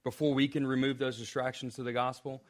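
Young male preacher, chatty sermon delivery, trips over restarts, wry asides, mid-pitched voice. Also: little pitch movement, fast talker. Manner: conversational, self-interrupting with restarts and asides; joking asides. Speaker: pastor.

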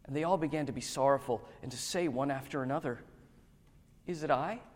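A man reading scripture aloud in a measured, dramatic, slow way. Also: mid-range voice. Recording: long hall reverb.

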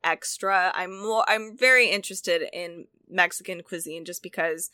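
A woman co-hosting a casual chat reviews cookbooks with enthusiasm, chatty and often restarting or correcting herself. Her voice is fairly low with a sharp, smooth tone, her pace moderate, and there's no room sound.

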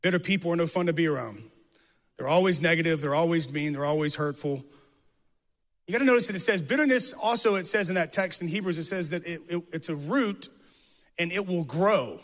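A man's voice: on the high side, lively intonation, brisk, big-room sound. A man preaching an earnest sermon, telling a personal story with emphatic, repeated phrases. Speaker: pastor.

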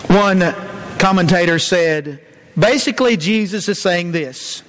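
A man preaching a sermon as pastor, earnest, dropping low and slow to stress key lines. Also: a bit bright, a little hiss or hum.

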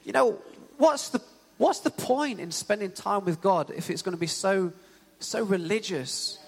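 The young preacher's voice sits high and sounds gravelly and slightly rough as he speaks without hurry. His animated, storytelling sermon is loaded with "you know" fillers, and the church hall adds a long reverb.

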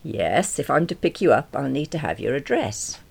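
A man's voice: sing-song, normal speed, creaky, husky, exaggerated voice. A woman reading aloud voices a confident, charming man with a rich voice, polite and lightly teasing. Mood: courteous. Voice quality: rich, deep.

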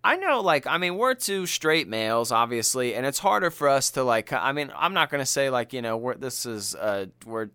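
A man's voice: medium pitch, normal speed, few pauses, clean tone, no echo. A man co-hosting a podcast, chatting casually and retelling a film with slang and profanity. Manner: animated and profane, slangy storytelling. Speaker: podcast co-host.

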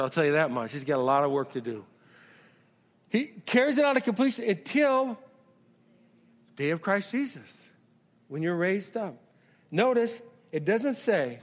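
A middle-aged man preaching a sermon as pastor, calling out questions to the congregation and building to shouts. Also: sits high. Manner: call-and-response preaching, rises to shouts. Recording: long hall reverb.

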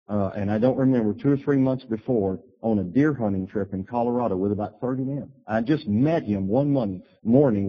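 A man preaching a sermon, telling a personal story and acting out his own words with animated bursts. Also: lowish voice, husky. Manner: storytelling, animated bursts when quoting himself. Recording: dull lo-fi recording.

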